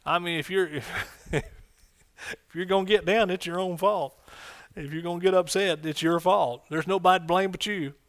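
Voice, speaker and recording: Male pastor, fiery sermon, higher voice, exuberant outbursts. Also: steady tone, normal speed. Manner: exuberant, bursts of shouted exclamations.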